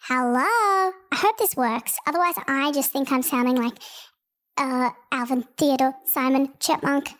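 A woman talking through a chipmunk-style pitch-shift effect, chatty and amused. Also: a little slow, a bit bright. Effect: chipmunk-style high pitch-shift filter. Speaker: podcast co-host.

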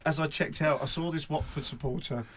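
Man, high voice, animated pub story. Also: fairly quick. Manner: animated, acts out quoted lines loudly. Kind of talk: casual storytelling chat.

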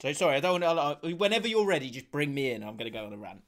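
A man's voice: on the high side, racing. A man co-hosting a casual football podcast, ranting and swearing with bursts of laughter. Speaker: podcast co-host.

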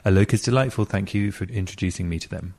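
Low gravelly man, chatty host. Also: fast, darkish tone. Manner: chatty, playful asides. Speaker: podcast host reading listener emails. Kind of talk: casual chat.

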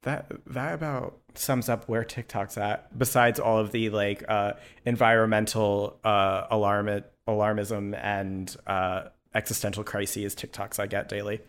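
A man's voice: fairly low pitch, little pitch movement, a little slow, few pauses, clean tone. A man co-hosting a podcast in casual chat, playful and sarcastic, laughing often. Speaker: podcast co-host.

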